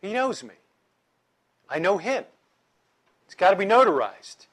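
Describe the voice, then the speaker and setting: Lively man teaching a Bible class. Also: high-pitched, measured pace. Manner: lively, conversational, joking with the audience.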